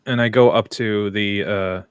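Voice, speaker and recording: A man's voice: lowish voice, fairly even intonation, measured pace, smooth, no room sound, studio quality. A man playing a tabletop game, in casual chat. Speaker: player.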